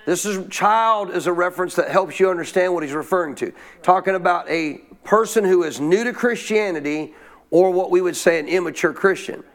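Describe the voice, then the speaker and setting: A man preaching from the pulpit in a fairly high voice. He reads scripture and keeps stopping to quiz the congregation, pressing them to answer out loud. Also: fairly quick. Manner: call-and-response preaching, asks congregation questions. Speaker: pastor. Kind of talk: sermon. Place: church.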